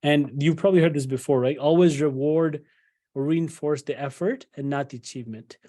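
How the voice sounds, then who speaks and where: A middle-aged man lecturing parents in a relaxed, conversational way. His voice is mellow and slightly higher than most men's. He keeps checking in with his listeners and briefly acts out the words a parent might say. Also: fairly quick. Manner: conversational, many fillers and "right?" tags, acts out parent quotes. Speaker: psychologist giving a parenting talk.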